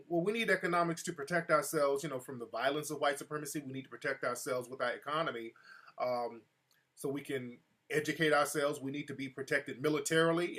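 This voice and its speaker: A man talks casually on his own live show, spinning a story in a loose, streetwise voice that sits a little higher than most men's. He keeps his delivery animated and breaks off now and then to answer his listeners. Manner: replies to live chat mid-story. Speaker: show host.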